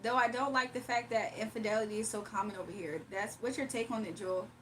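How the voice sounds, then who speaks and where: A woman's voice: mid-range voice, quick pace, a bit bright, distant mic, a little hiss or hum. Chatty woman streamer, slightly off-mic. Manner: chatty, laughs often, reads chat messages aloud. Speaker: livestreamer reading chat. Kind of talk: casual livestream chat.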